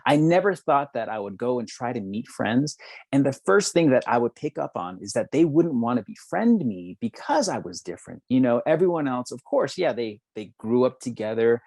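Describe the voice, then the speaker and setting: A man's voice: medium pitch, very animated, normal speed, a little mellow, no echo. A man in his thirties from New Mexico, a podcast guest reflecting earnestly on his life with frequent restarts. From New Mexico, United States. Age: 30s. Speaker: podcast guest, law student. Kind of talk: candid personal storytelling.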